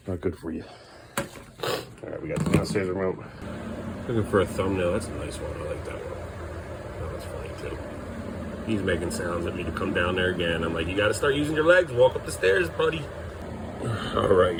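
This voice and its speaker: A man's voice: deep voice, heavy background noise. A man filming a casual home vlog, coaxing his small son along and chatting to the camera at home at night. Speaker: father filming his family.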